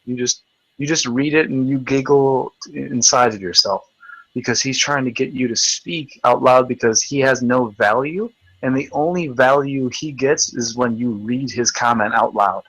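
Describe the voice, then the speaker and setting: A man's voice: mid-range voice, normal speed, a bit bright, dry recording, low-quality recording. A man hosting a live video chat, ranting in a combative, profane, taunting way. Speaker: livestream host.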